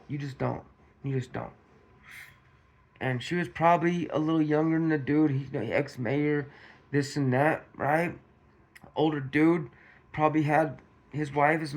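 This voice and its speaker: A man from Modesto, California, giving casual, slangy commentary on a news story and acting out scenes with swearing. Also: on the high side.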